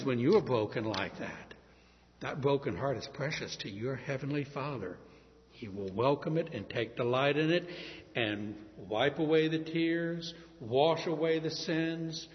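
A man preaching a sermon, impassioned, swinging between hushed pleading and loud emphasis. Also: on the high side. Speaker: pastor. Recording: dull lo-fi sound in a reverberant hall.

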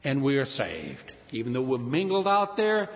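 A man's voice: mid-range voice, huge pitch swings, normal speed, in a large hall, dull audio. A man from New Orleans preaching a sermon, telling stories and acting out sing-song calls. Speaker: pastor.

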